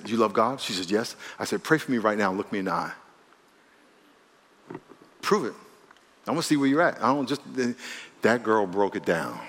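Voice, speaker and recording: A man, a pastor, preaching a sermon in an animated way, acting out quotes and laughing between points. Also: fairly low pitch, big-room sound. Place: church sanctuary.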